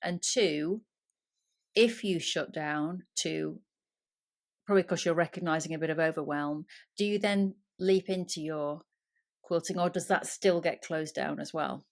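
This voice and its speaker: Lively storytelling woman host. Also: low-pitched, measured pace, gravelly. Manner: lively storyteller, acts out dialogue, chatty. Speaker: podcast host. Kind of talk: casual podcast interview.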